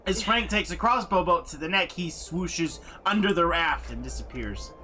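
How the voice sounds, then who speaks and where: Brief: male game master, playful, animated, bright tone. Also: fairly high pitch, normal speed, soft background music. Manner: lively, playful narration. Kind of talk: narrating a tabletop game.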